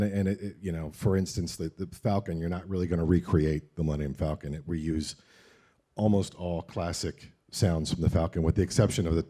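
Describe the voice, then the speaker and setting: A man, a sound designer, explaining his work in a relaxed, plain way in a casual interview. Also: sits low.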